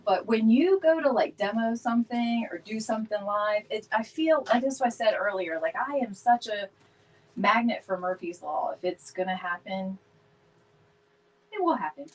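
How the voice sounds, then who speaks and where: A woman's voice: mid-range voice, lively intonation, normal speed, low-quality recording. A woman chatting casually with viewers during a live craft stream, laughing often and greeting people by name. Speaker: DIY home decor live streamer.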